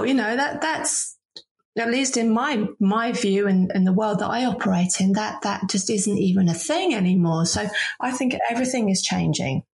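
A woman's voice: medium pitch, gravelly. A woman voice and leadership coach explaining her views earnestly in an interview, often restarting her phrases. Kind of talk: interview conversation.

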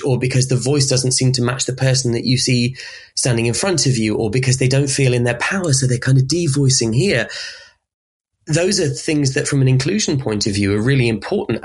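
A man's voice: mid-range voice, slightly rough. A man with a Southern English Berkshire accent, speaking expressively as a podcast guest and voice specialist in a conversational interview. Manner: expressive, demonstrates speech sounds, light laughs.

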